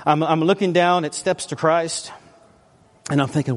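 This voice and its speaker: A man preaching a sermon as a pastor. He tells personal stories in an animated, emphatic way that swings between loud and quiet. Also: mid-range voice, normal speed.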